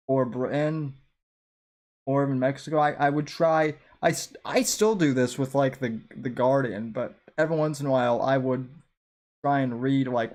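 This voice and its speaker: A man's voice: mid-range voice, darkish tone. A man hosting a podcast, chatting casually in rambling, self-deprecating asides. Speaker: podcast host. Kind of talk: casual chat, commentary on an old episode.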